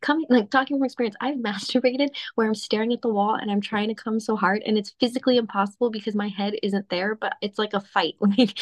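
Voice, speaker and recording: A woman's voice: medium pitch, steady tone, fast, few pauses. A young woman talks bluntly and openly in a casual conversation. Her speech is full of fillers, and she laughs easily. The recording is dry, with no echo. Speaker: podcast guest. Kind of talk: candid casual chat.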